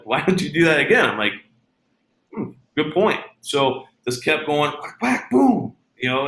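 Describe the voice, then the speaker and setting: Man with a bright voice in an echoey room. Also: medium pitch. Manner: relaxed storyteller, many fillers and restarts. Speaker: baseball player guest. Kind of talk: casual interview chat.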